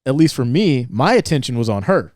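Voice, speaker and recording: A man's voice: medium pitch, brisk, dry recording, studio quality. A young man co-hosting a podcast, rambling through a film scene in a casual chat and acting out the characters' lines. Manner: rambling, animated retelling with quoted lines. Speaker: podcast co-host.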